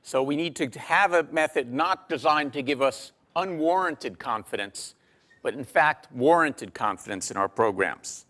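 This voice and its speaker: A man's voice: mid-range voice, lively intonation, a bit bright. Dry-humored man lecturing. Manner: dry humor, measured, frequent ums and uhs. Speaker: university lecturer. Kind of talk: classroom lecture. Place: large lecture hall.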